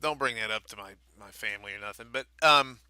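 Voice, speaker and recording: Bright-voiced joking man. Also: lowish voice, fast talker, smooth, no echo. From Baltimore. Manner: joking, animated, teasing. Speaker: podcast co-host, wrestler. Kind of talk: casual podcast banter.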